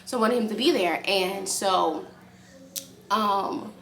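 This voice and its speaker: A young woman casually telling a story to camera for her vlog, chatty and animated, acting out what others said. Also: mid-range voice, slow pace, a little hiss or hum. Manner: animated, acts out quotes in a raised voice; speaks softly aside to her baby. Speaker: vlogger.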